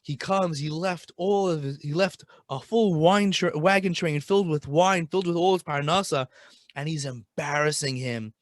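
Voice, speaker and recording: A man playing an old rebbe in full rebuke, raised pitch and strained, in a storyteller's retelling. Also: moderate pace, no echo, close to an everyday voice. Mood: angry scolding. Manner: shouting, exasperated rebuke. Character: stern old male rebbe scolding a follower.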